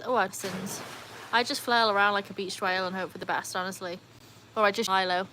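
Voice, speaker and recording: A woman's voice: medium pitch, fairly even intonation, brisk, bright, forceful tone, slight background noise, poor audio. A woman chatting casually on a live stream at home, reading out viewer comments. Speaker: livestream host. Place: home, beside a backyard pool.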